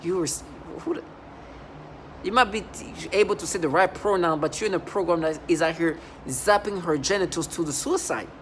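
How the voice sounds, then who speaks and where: Accented male vlogger, slightly high-pitched, emphatic rambling monologue, faint background noise. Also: moderate pace. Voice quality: speaks with an accent. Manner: emphatic, repetitive storytelling with many restarts. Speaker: vlogger describing his workplace experiences.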